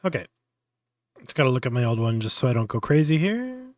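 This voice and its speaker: A man's voice: medium pitch, sing-song, a little fast, dry recording, clean studio sound. A man hosting a casual live tutorial, thinking aloud with many fillers and restarts. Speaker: host.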